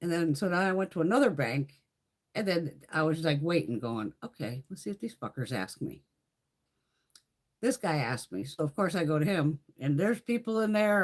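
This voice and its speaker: Blunt, foul-mouthed woman in her fifties. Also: on the low side. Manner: profane, blunt storytelling with frequent laughs; reads out and answers viewer comments. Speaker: makeup livestream host. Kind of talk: casual livestream chat.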